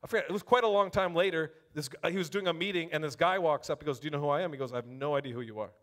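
A male preacher with a high voice who preaches in a loose, chatty way, calling out to the congregation. He breaks off to read scripture aloud, building up emphasis as he reads. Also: racing. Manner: animated, conversational, addresses congregation directly. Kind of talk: sermon.

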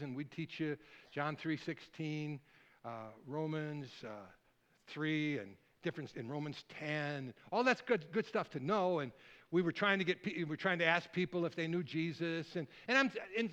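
Lively man preaching a sermon. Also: on the high side, lo-fi sound. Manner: lively, rambling, audience call-and-response. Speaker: guest preacher.

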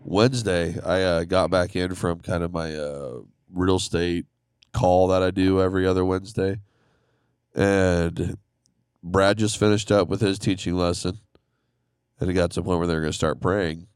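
A man's voice: low voice, fairly even intonation, moderate pace, clean tone, no room sound, studio quality. A man co-hosting a faith podcast, talking earnestly in a casual way, laughing easily and restarting his sentences. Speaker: podcast co-host. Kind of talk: casual chat.

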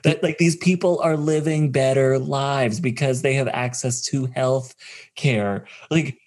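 Man, podcast co-host, chatty, laughs often, middle pitch. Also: fairly even intonation, measured pace, a little mellow. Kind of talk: casual chat.

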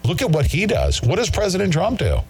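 A man's voice: high-pitched, huge pitch swings, fairly quick, darkish tone, breathy edge, soft background music. A man hosting a talk show, ranting in an agitated way and mocking his critics. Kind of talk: heated monologue.

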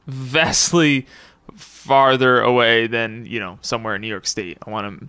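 A man's voice: medium pitch, fairly even intonation, unhurried, sharp tone, clear, resonant tone, no room sound, studio quality. A young man hosting a casual podcast, rambling and laughing often as he tells stories. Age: young adult. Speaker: podcast host.

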